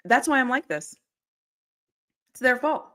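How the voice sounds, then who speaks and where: A woman's voice: high-pitched, sing-song, a little slow, sharp tone. A woman co-hosting a casual football talk stream, rambling and laughing often as she talks over a video call. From Pittsburgh area. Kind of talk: casual chat. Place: home, live stream call.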